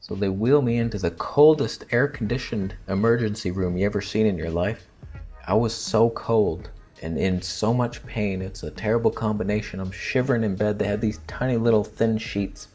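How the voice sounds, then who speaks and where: A young man casually telling a story to camera, crude and joking, dropping into quiet theatrical asides. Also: fairly low pitch, moderate pace, husky. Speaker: vlogger.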